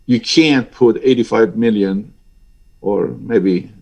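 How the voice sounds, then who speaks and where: A man's voice: fairly low pitch, slow pace, creaky, a little mellow. A man in his sixties, an airline pilot giving an interview, talking in a passionate and emphatic way that rises sharply when he gets stirred up. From Iran. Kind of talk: interview over a remote link.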